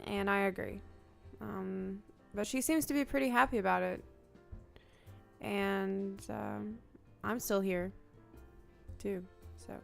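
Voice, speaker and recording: Woman streamer, a touch high-pitched, wry deadpan humor, off-the-cuff game commentary over faint music. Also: gravelly. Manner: wry, playful, deadpan jokes. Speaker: streamer touring a game world.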